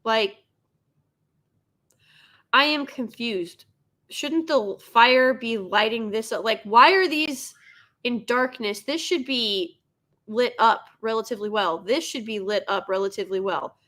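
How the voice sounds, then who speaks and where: Young woman streamer, sarcastic reaction commentary, fairly high and bright-toned voice. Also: lively intonation, unhurried. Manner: sarcastic, exasperated critique.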